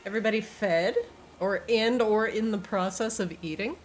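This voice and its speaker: A woman's voice: mid-range voice, normal speed, soft background music. A woman acting as game master, joking with her players and laughing often before narrating. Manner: laughs often, playful teasing. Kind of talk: casual tabletop game chat and narration.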